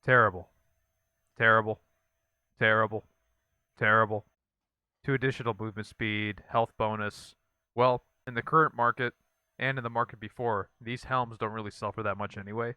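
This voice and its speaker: A man giving casual gameplay commentary as a channel host, repeating blunt one-word verdicts in a dry, flat way. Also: mid-range voice, brisk, clear, resonant tone, no echo.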